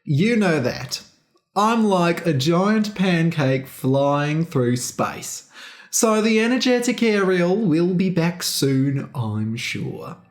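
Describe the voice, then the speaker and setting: Slow, tired narrator with an Australian accent. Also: medium pitch, expressive. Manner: slow, deliberate and carefully clear. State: tired and low on energy. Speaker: podcast host and English teacher. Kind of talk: slow narration of a story for English learners.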